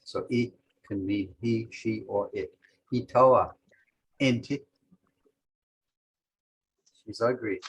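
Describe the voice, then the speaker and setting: A man with a lowish voice, teaching a language lesson over a video call. He speaks very slowly and breaks each example down carefully. There is a faint hiss of background noise behind him. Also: fairly even intonation, poor audio. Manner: methodical, explains example sentences step by step.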